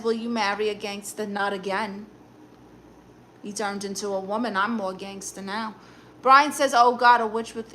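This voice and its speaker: Speaking as a sassy aunt on a live stream, a Brooklyn-accented woman reads viewer comments and gives dating advice bluntly, with snappy comebacks. Her voice is on the high side, pushed and bright, with slight background noise.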